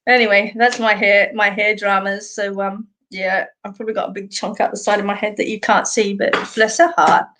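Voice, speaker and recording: A woman's voice: mid-range voice, level tone, normal speed, fairly bright tone. A middle-aged Australian woman hosting a live stream, chatting casually with viewers in a rambling way and laughing often. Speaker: host.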